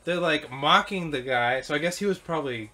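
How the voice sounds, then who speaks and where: A man's voice: fairly high pitch, lively intonation, fairly quick, heavy background noise. A man casually telling a rambling story, laughing and swearing as he goes. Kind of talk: casual chat while gaming.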